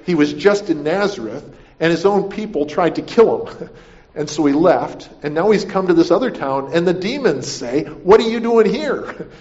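A man's voice: a little high, animated, moderate pace, darkish tone. A man preaching a conversational sermon, often asking "right?" and repeating himself as he explains the passage. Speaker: pastor. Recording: dull lo-fi recording.

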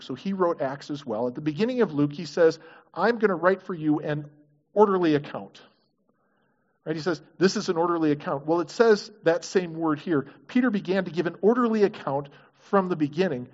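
Here a man with a slightly high, slightly mellow voice leads a sermon as pastor, earnestly questioning the congregation to draw them in. The audio is dull and lo-fi.

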